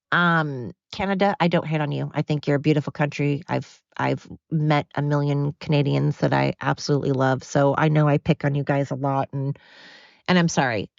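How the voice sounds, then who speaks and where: A woman's voice: sits low, gravelly, no echo. A woman hosting a solo podcast, rambling and ranting with lots of fillers. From United States. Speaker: podcast host. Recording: dull, dry, lo-fi.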